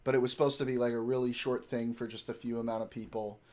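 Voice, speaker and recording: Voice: mid-range voice, little pitch movement, quick pace, darkish tone. A livestreamer in casual chat, heavy on fillers, who slips into cooing baby talk with a pet.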